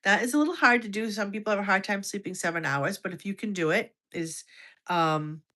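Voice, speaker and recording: A woman's voice: mid-range voice, brisk, bright, forceful tone. A woman from the United States in her fifties, hosting a casual livestream, chatty and restarting sentences as she reacts to viewer comments. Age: over 50. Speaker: health livestream host.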